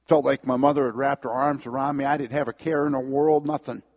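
A man's voice: medium pitch, fairly even intonation, fairly quick, darkish tone. A middle-aged man giving an earnest personal testimony to an audience, with his voice swelling at the key moments.

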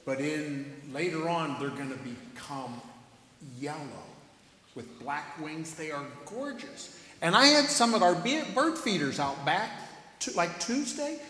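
A man leading a children's sermon in church, playful and animated, asking the kids lots of questions. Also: fairly high pitch, measured pace. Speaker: pastor giving children's sermon. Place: church sanctuary. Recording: reverberant church hall.

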